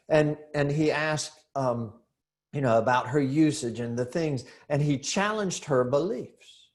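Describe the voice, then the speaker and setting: A man's voice: on the high side, measured pace. Middle-aged man telling stories in a sales seminar. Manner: animated storyteller who acts out dialogue and asks rhetorical questions. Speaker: real estate sales trainer. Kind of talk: storytelling training seminar.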